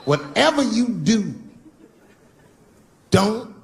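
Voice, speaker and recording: A man in his fifties doing a stand-up routine on stage, swinging from loud bursts to low mutters. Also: very animated, extremely slow, creaky. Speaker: stand-up comedian. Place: stage before a live audience. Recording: live show with loud crowd noise. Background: audience laughter.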